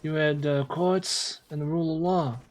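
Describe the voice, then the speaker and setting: A man's voice: fairly high pitch, fairly even intonation, voice pushed up, natural voice. A man doing a grave old mafia boss. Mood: solemn. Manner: slow, solemn, deliberate delivery. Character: aging male mafia boss, grave and menacing.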